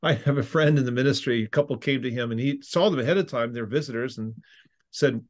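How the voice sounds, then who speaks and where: A man speaks in a mid-pitched voice, explaining patiently like a teacher answering a podcast host. He often restarts his sentences as he thinks aloud. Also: fast talker. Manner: earnest, teaching tone with frequent restarts. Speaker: seminary professor and ordained minister.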